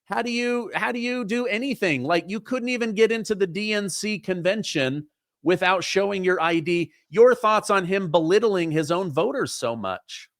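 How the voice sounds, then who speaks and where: A man hosting a political talk show, asking questions in an animated way and acting out the voices he quotes. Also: high voice, normal speed, no echo, studio quality. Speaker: host.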